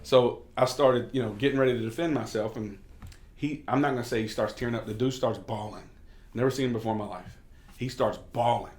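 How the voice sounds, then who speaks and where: The speaker, a man who serves as a Kentucky state representative, tells stories candidly in a casual sit-down chat, cursing occasionally. He has a medium-pitched, darkish voice, talks fairly quickly, and the room is echoey.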